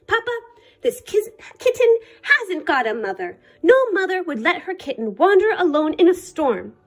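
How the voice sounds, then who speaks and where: A woman's voice: very high voice, very animated, normal speed, heavily acted. A woman reading the part of an earnest young girl in a storybook.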